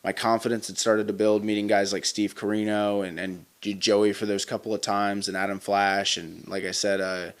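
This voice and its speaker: A wrestler in his twenties, interviewed, speaks in a lowish, smooth voice with flat delivery, a moderate pace and few pauses. He tells stories casually and rambles, full of fillers and restarts.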